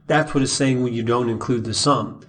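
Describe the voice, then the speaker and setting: A man's voice: medium pitch, steady tone, a little fast, a bit bright. A man teaching the Bible verse by verse, reading passages aloud and then explaining them with questions to the listener.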